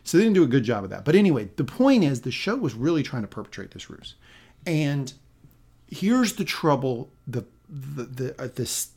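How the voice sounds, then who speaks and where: A male podcast co-host recapping a show in casual chat. His voice sits at an ordinary pitch but swings up and down a lot. He rambles and corrects himself as he goes, with dry asides. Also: big pitch swings, moderate pace, darkish tone, husky.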